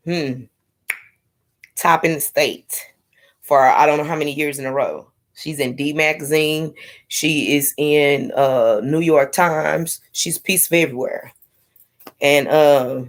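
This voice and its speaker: A woman's voice: deep voice, measured pace. A young woman in casual live-stream chat, candidly talking to her viewers with sassy asides. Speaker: vlogger sharing her IVF journey.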